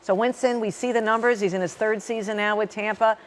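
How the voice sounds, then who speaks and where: Woman host asking brisk questions. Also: mid-range voice, fairly even intonation. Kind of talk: interview questions.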